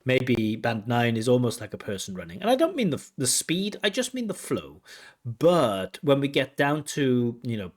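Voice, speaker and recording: A man's voice: medium pitch, very animated, moderate pace. A man, an examiner explaining a candidate's speaking test in a teaching manner. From Wales. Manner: explanatory, imitates intonation with tut sounds. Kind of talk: spoken exam feedback lesson.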